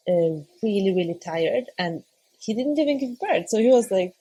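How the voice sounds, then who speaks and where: Breathy, hesitant young woman. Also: mid-range voice, expressive, moderate pace, dark tone. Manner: hesitant, searching for words, laughing often. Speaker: podcast guest. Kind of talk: casual conversation.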